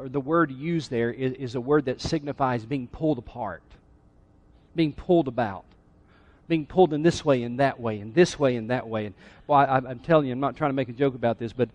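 A man's voice: mid-range voice, muffled recording. A middle-aged male pastor preaching a sermon in a church, conversational and teasing the congregation. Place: church sanctuary.

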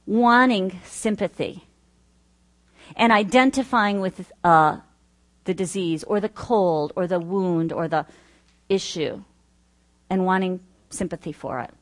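A middle-aged woman teaching earnestly, listing points with personal asides. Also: mid-range voice. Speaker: Bible study teacher. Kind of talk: teaching talk.

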